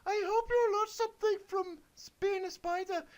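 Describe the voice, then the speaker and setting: A man voicing a female wizard in a shrill falsetto, in a halting sing-song way. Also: fairly even intonation. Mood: squeaky. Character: high-voiced female wizard.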